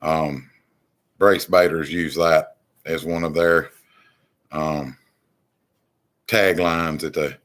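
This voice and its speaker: Deep, low-pitched male host; exasperated, rambling commentary delivery. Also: steady tone, slow, pauses often, a bit bright. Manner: rambling, many ums and restarts, exasperated. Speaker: channel host. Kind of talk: political commentary monologue.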